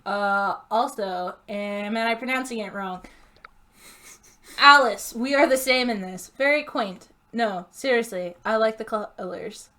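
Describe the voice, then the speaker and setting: A woman streams a game, reading its text aloud slowly and chatting casually, giggling often and stumbling over unfamiliar names. Her voice is a little high and bright, with a forceful tone.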